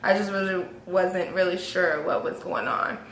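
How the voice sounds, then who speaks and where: Young woman vlogging, super animated storytelling, bright sharp voice, roomy echo. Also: normal speed, a little hiss or hum. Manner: animated, acts out quotes with big pitch jumps. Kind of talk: casual storytelling. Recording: echoey room with faint ambience.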